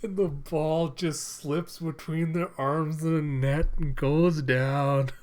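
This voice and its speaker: A man reviewing a manga chapter, recapping the action and reading characters' lines aloud with excited bursts and frequent laughter. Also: a little high, slow pace. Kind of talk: reading and reacting to a comic chapter.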